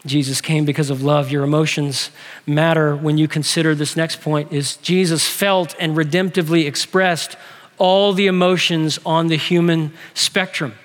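A man in his forties preaching from the pulpit, his voice sitting high for a man and carrying a long reverb through the sanctuary. He talks with humor, asks the congregation questions and keeps the tone lively. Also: normal speed. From Texas. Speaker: pastor. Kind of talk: sermon.

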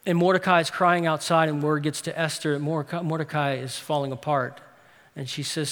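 A male pastor preaching a sermon, swinging from loud urgent peaks to hushed low asides. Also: level tone, moderate pace, big-room sound. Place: church sanctuary.

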